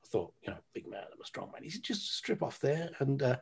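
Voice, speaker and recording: A man's voice: medium pitch, big pitch swings, fairly quick, creaky, breathy edge. A man in his thirties telling a candid, sweary story as a podcast guest. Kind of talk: casual storytelling.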